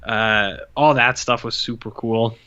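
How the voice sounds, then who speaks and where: A man's voice: lowish voice, fairly even intonation, a little slow, bright, forceful tone, lo-fi sound. A man in his forties co-hosting a podcast, chatting casually about an old film with rambling, profane asides and lots of fillers. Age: 40s. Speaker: podcast co-host. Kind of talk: casual film review chat.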